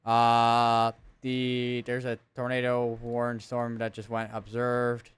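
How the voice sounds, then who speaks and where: A man's voice: mid-range voice, completely flat delivery, slow pace, clean tone, no room sound. A man giving live severe weather coverage, reading out storm reports and town lists and correcting himself as he goes. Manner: thinks aloud, reads town lists, corrects himself often.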